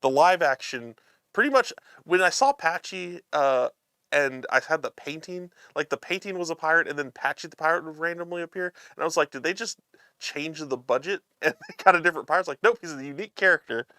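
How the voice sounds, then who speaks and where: A man's voice: a little high, brisk, sharp tone, clean tone, no room sound, studio quality. A man hosting a live show, chatting casually as he unboxes a card game and reads the cards aloud, amused and chuckling often.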